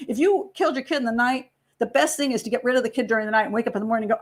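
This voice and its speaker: A woman's voice: fairly high pitch, very fast, few pauses. A woman hosting a true crime show, analyzing a case in conversational commentary and acting out quotes to argue her points. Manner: conversational, argumentative, acts out quotes. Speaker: true crime profiler host.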